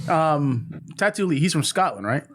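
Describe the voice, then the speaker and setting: A man's voice: on the high side, a bit bright. A man co-hosting a podcast, throwing in teasing quips during casual chat. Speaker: podcast co-host.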